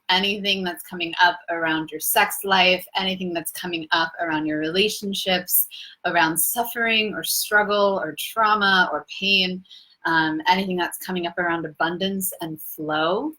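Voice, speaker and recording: Bright, effusive woman hosting a live Q&A. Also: on the low side, steady tone, measured pace, low-quality recording. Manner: effusive and spiritual, laughs easily. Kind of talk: casual live-stream talk.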